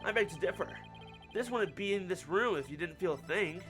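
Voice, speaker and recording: Earnest young lawyer, persistent, voiced by a man with a high, animated delivery. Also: brisk, soft background music. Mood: pressing. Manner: earnest, pressing questions.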